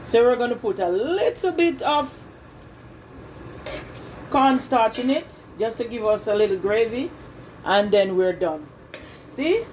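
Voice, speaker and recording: A woman's voice: a little high, darkish tone, slight background noise, poor audio. Chatty woman demonstrating a recipe. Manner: chatty, talks straight to viewers and repeats herself. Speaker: cooking channel host. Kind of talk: casual cooking demonstration. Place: home kitchen.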